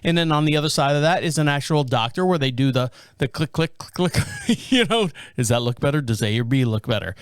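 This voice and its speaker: A man's voice: medium pitch, animated, fast, clear, resonant tone, no room sound. A middle-aged man hosting a podcast, telling a rambling everyday story in a casual way and acting out the people he quotes. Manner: rambling anecdotal delivery, acts out quoted people. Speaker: podcast host.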